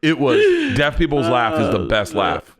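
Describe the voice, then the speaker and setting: A man hosting a podcast, joking loudly and reacting fast in casual comedic chat. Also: on the low side, lively intonation. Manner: loud, joking, quick reactions. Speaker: podcast host.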